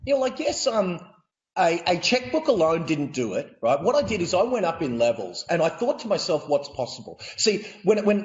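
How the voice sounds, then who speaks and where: A man with an Australian accent, a real estate coach telling stories as a guest on a video call, energetic and laughing as he goes. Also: on the high side, dull audio. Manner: energetic, laughing, repeats words. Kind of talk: animated storytelling.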